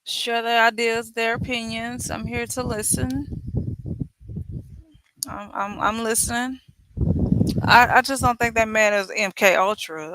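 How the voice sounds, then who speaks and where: Bright, slow-talking woman hosting a livestream. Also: a little high, clean tone, no echo. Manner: blunt, joking, profane, teasing chat. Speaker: livestream host. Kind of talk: casual livestream chat.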